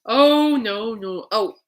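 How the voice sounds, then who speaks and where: A woman hosting a podcast in casual, rambling chat, laughing often. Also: a little high. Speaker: podcast host.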